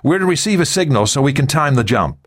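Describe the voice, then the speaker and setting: A man voicing a brisk, businesslike female accomplice in an audiobook. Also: mid-range voice, sing-song, no room sound, studio quality, pitched above the performer's own voice.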